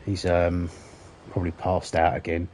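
Low, mellow-voiced man chatting on stream. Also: monotone, normal speed, slight background noise. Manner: joking, rambling, swears often, laughs at his own jokes. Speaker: gaming livestreamer. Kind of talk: casual livestream chat while playing.

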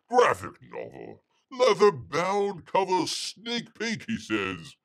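A man hosting a casual livestream, rambling and halting as he calls himself by a nickname in the third person. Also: fairly high pitch, huge pitch swings, vocal fry. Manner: halting, full of fillers and restarts. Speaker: livestream host.

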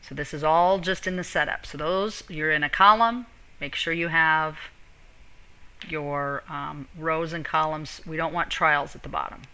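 Bright-voiced teacher, a woman, walking through steps. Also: sits low, fairly even intonation, unhurried, smooth, low-quality recording. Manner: step-by-step instructional, addresses students directly. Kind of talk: screen-recorded software tutorial.

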